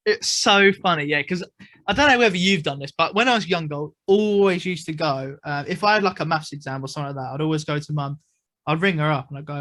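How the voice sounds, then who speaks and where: A man's voice: fairly high pitch, fast talker, pushed and bright. A young man from the United Kingdom, a magician being interviewed, chatting casually and telling stories with lots of fillers and asides. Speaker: magician guest.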